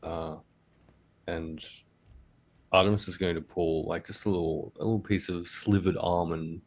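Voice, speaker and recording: A man playing in a tabletop role-play game, talking in a relaxed, hesitant way. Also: deep voice, moderate pace. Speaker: player.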